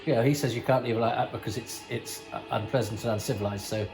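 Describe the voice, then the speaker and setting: A man's voice: mid-range voice, fairly even intonation, fast talker, gravelly, over music, rough recording. Chatty rambling man. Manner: rambling, chatty, self-correcting, wry asides. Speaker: podcast host. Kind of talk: casual commentary over a TV episode.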